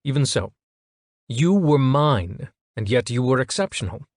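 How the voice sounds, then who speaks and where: A man reading an audiobook, voicing a cold, calculating middle-aged father who speaks in a measured, clinical way. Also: mid-range voice, animated, dry recording, studio quality, pitched above the performer's own voice, natural voice.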